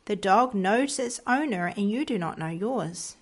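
A woman voicing an earnest, pious woman in a storybook who gently reproaches a stranger. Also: medium pitch, lively intonation, unhurried. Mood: reproachful.

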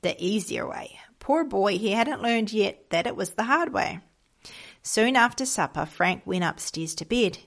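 A woman reads a moral story aloud at an unhurried pace. Her voice sits at an ordinary middle pitch, and she keeps her delivery gentle and measured. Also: expressive, gravelly.

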